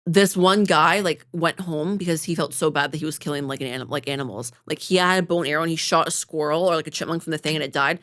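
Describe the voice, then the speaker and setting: A woman's voice: low voice, fast, few pauses, a bit bright. A woman co-hosting a podcast in casual chat, rambling with lots of fillers and casual swearing. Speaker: podcast co-host.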